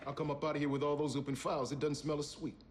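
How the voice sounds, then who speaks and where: Man playing a police detective, TV drama clip, brisk, fast. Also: a little high, flat delivery, slight background noise, close to an everyday voice. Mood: determined.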